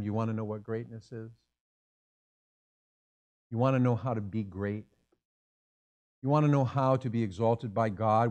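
A man's voice: on the low side, a little mellow. Man preaching with rhetorical questions. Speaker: pastor. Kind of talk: sermon. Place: church sanctuary.

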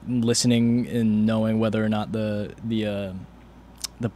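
A young man co-hosting a podcast in a relaxed, giggly chat full of likes and you-knows. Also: fairly low pitch, a little slow. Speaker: podcast co-host. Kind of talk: casual chat.

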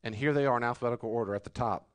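A male pastor preaching a sermon, shifting between loud rebukes and quiet asides, and mocking complainers in whiny voices. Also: mid-range voice, very fast, smooth.

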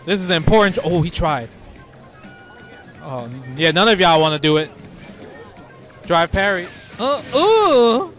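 A man commentating players in excited casual talk, full of slangy hype reactions and sudden shouts. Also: high-pitched, unhurried, long pauses, soft background music. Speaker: host commentating pro players.

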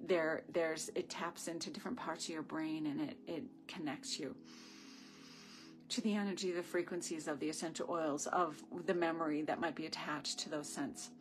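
A woman's voice: low-pitched, fairly even intonation, normal speed, over music. A woman leading a live-streamed ritual, talking to viewers through a phone camera. She is effusive and rambling, with gushing asides. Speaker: spiritual ritual leader.

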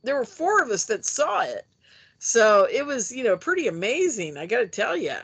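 A woman telling a personal story in a casual interview, animated and chatty, acting out the voices she quotes. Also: on the high side, normal speed, breathy edge. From United States. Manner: chatty with frequent fillers. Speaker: interview guest, UFO experiencer.

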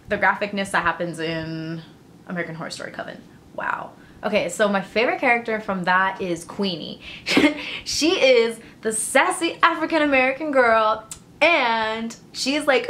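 A woman vlogging in casual chat, excitable and chatty, filling her talk with "like". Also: mid-range voice, slight background noise.

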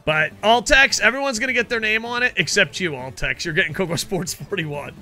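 Male streamer, high and very bright voice, excitable casual chatter with light music behind. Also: fairly quick. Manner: excitable, reacts loudly, swears casually. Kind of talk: casual chat over gameplay.

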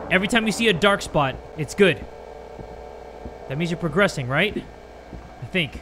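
A man giving loud, jumpy commentary on a horror game, swearing and joking through his fear. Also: high voice, expressive, normal speed, pauses often, background noise. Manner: jumpy, swears a lot, yells at monsters then jokes. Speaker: gaming YouTuber.

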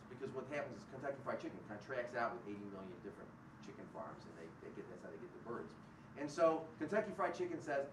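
A man giving a public university lecture, animated and sarcastic, often acting out the voices of the people he quotes. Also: a little high, fast talker, distant mic, slight background noise. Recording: roomy hall picked up from afar.

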